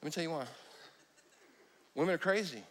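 A man's voice: on the high side, lively intonation, a little fast, a bit bright, a little hiss or hum. A man preaching a sermon in church, joking and breaking off his own sentences. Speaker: pastor.

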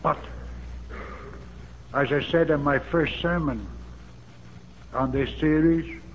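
A man preaching a sermon with a slightly high voice, slow and deliberate. He hammers his points with emphatic repetition and fervent cries. The old recording sounds dull and faintly hissy, with a long hall echo. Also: fairly even intonation.

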